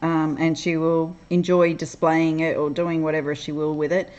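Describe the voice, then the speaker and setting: A woman's voice: sits low, flat delivery, moderate pace, darkish tone, muffled recording. A middle-aged woman from Australia with an Australian accent, chatting casually on a livestream, reading viewers' comments aloud and laughing often. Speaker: livestream host.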